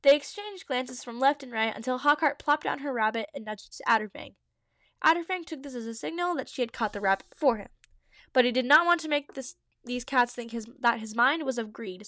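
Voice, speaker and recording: A woman's voice: on the high side, a little fast, a bit bright, no room sound, studio quality. A young woman reading her old fan story aloud with giggly, self-mocking asides. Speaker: podcast host reading her own old writing.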